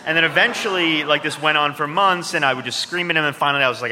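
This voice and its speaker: A man's voice: a little high, very fast, few pauses, sharp tone, long reverb tail. A man interviewed about his book, talking in a joking, self-deprecating way with many restarts. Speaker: author and guest. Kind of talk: interview conversation. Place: stage before an audience.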